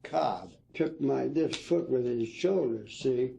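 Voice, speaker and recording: Gravelly old man spinning yarns. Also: medium pitch, lively intonation, takes it slowly, warm tone, slight background noise. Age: older. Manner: folksy storytelling, "see?" and "you know". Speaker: former ball player. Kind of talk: reminiscing interview.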